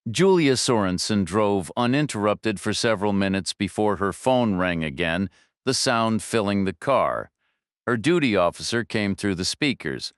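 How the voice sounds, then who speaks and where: A male audiobook narrator reads a thriller in a steady, measured manner. His voice is low, smooth and resonant. It is recorded close on a studio mic with no room sound at all. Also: dry recording. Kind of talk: scripted narration.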